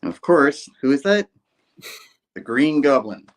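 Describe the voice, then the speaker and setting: Man, mid pitch, very lively intonation, excitable, giggly, podcast co-host. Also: unhurried. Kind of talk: casual podcast chat.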